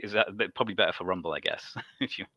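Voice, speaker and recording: A man's voice: deep voice, very fast, pushed and bright, no echo. A British man chatting casually on a livestream, talkative and laughing often. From United Kingdom.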